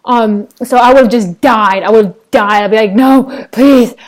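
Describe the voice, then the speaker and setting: A young woman, chatting casually to her laptop webcam at home, rambling excitedly with lots of fillers and restarts. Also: mid-range voice, moderate pace. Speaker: vlogger reviewing a TV episode. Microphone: laptop webcam microphone.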